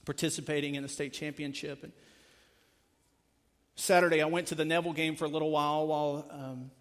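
A man preaching a sermon as pastor, earnest, rising in force and then dropping to a hushed close. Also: fairly high pitch, flat delivery, brisk. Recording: long hall reverb.

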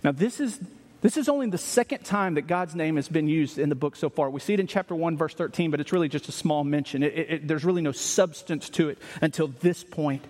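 High-pitched guy preaching a sunday sermon, lots of "right?" and restarts, big echoey hall. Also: brisk. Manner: animated, emphatic preaching with restarts and rhetorical questions. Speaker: pastor.

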